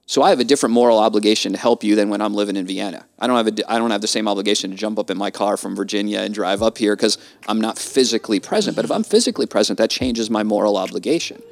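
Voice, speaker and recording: Earnest gravelly-voiced man. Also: on the low side, racing, few pauses. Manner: earnest, emphatic, preacherly. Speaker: guest, trial lawyer. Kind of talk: casual podcast conversation.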